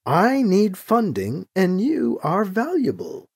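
A calm, scheming heretic who praises chaos in slow, stiff, formal phrases, put on by an audiobook reader. The voice is husky and the pitch swings widely. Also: heavily acted. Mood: sly, formal. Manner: stiff formal speech without contractions, unhurried.

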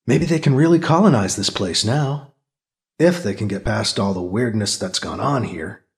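A man's voice: lowish voice, lively intonation, normal speed, creaky, pitched below the performer's own voice. A man voicing a space pilot's inner thoughts in a musing tone. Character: male space pilot thinking to himself.

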